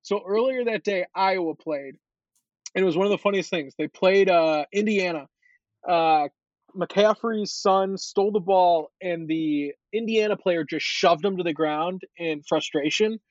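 A man hosting a casual sports podcast, animated and chatty with lots of fillers. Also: high-pitched, measured pace, no room sound, lo-fi sound.

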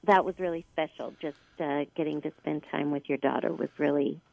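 A woman's voice: sits low, fairly even intonation, a little fast, vocal fry. A woman who appears at conventions, chatting in a friendly way with lots of fillers. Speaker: convention guest. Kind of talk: casual interview chat. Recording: dull lo-fi line, dry.

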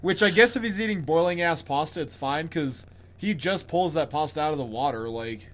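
A man with a somewhat high voice, co-hosting a casual chat podcast. He talks with a sarcastic edge and swears freely. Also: lively intonation, moderate pace, a bit bright, slight background noise. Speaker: podcast co-host.

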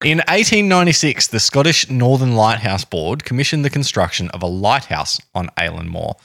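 A man's voice: mid-range voice, sing-song, moderate pace, creaky, fairly bright tone, no echo, clean studio sound. An Australian man co-hosting a podcast, recounting a story in a rambling, jokey way and often correcting himself. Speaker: podcast co-host. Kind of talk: casual chat, telling a story.

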